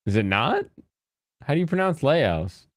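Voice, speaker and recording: An American man chatting casually with his live-stream audience, joking and breaking into high mocking voices. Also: big pitch swings, unhurried, no echo, studio quality. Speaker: streamer reacting to chat.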